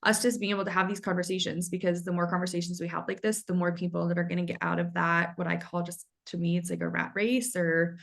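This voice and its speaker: Gravelly-voiced woman hosting a chat. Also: fairly low pitch, level tone, fast talker, few pauses. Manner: warmly affirming, chatty. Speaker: podcast host. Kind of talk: casual podcast interview.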